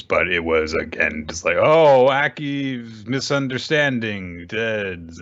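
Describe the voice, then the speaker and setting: A man's voice: sits low, pushed and bright, highs cut off. A man co-hosting a casual manga recap podcast, commenting wryly and laughing often. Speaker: podcast co-host.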